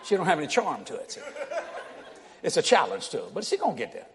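A man's voice: on the high side, huge pitch swings, fast talker, noisy background. A middle-aged man, preaching to a congregation in a church hall and telling funny stories, laughing often and acting out the people in them. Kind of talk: humorous storytelling sermon.

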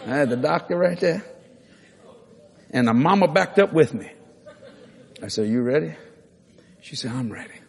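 Preacher guy, kinda raspy and a bit high, acts out every line of the story, big echoey church. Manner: animated, acts out voices and dialogue, repeats key lines. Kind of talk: storytelling sermon. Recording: long hall reverb.

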